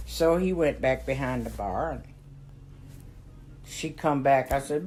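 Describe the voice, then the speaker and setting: An older woman telling family stories in casual conversation, animated and profane, acting out what people said and breaking into low laughs. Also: unhurried, long pauses, very noisy. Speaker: family storyteller. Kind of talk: casual storytelling.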